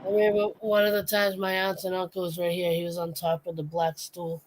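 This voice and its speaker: Animated woman telling pet stories. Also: on the low side, a little fast, a little hiss or hum, low-quality recording. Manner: animated storytelling, acts out her pets' voices. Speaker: podcast co-host. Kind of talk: casual chat.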